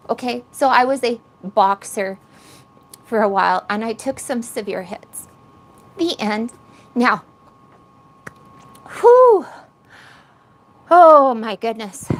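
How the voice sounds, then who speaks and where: A woman's voice: a little high, gravelly. A middle-aged woman on a casual phone livestream, teary from crying and rambling emotionally to her viewers. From Canada. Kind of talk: casual live-stream chat. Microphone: cheap phone.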